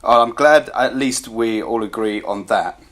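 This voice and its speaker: A man's voice: on the low side, measured pace, a bit bright. A man hosting a film review podcast, ranting about a movie and swearing heavily in casual chat.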